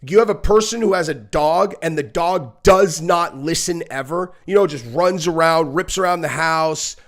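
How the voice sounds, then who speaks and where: A man hosting a casual live reaction stream, talking bluntly and profanely in long rambling stretches full of fillers, and now and then shrieking in a high voice to act out kids and dogs. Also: moderate pace, a bit bright. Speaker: podcast host.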